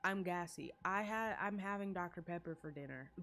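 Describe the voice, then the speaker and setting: A woman's voice: fairly low pitch, normal speed, pushed and bright. A woman giving casual, profane gameplay commentary in a playful tone. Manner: playful, profane, laughing asides. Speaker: gamer streamer.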